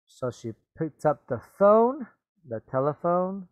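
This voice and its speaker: A man's voice: high-pitched, very animated, slow, no room sound. A man teaching a reading lesson, reading a story aloud and patiently explaining the words, often checking with "okay?" and "right?".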